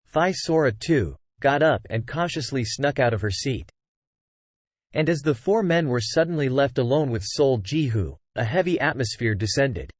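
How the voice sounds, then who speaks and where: A man reading a fantasy web novel aloud as scripted audiobook narration, with steady storytelling and small shifts for the dialogue. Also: mid-range voice, no echo.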